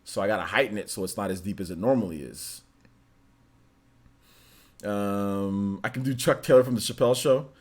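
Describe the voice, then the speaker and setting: A man in his thirties hosting a gaming show, chatting casually and animatedly and laughing often. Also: fairly low pitch. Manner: animated, laughs often, drawn-out filler words. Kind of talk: casual streamed chat.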